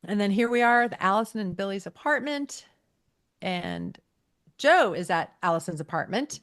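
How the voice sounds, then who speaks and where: Recapping an episode on her podcast, this co-host chats casually and performs lines from the scenes. She has an expressive, fairly bright mid-range voice and keeps a moderate pace.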